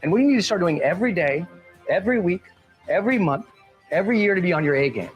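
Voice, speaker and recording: High-voiced energetic male coach. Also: lo-fi sound, faint music behind. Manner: energetic, quick and playful, with rhetorical questions. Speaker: performance coach. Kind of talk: motivational talk.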